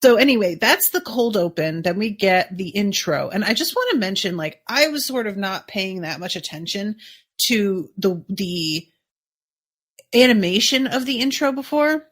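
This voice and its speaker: A woman's voice: mid-range voice, animated, moderate pace, a bit bright, husky. A woman hosting a podcast, chatting casually through an episode recap, musing and thinking aloud with lots of fillers. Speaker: podcast host.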